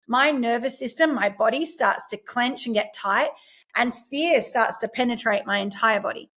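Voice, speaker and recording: Young woman coach, higher voice, earnest and reflective, podcast guest. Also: moderate pace, a bit bright. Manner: earnest, reflective, quotes her own inner voice. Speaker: guest, self-empowerment coach. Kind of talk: podcast interview conversation.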